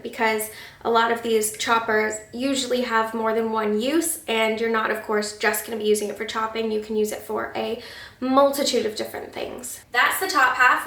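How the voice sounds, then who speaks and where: A woman's voice: fairly high pitch, creaky, sharp tone. A woman food photographer unboxing and reviewing a kitchen gadget in a chatty, enthusiastic way. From United Kingdom. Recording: roomy sound from a distance.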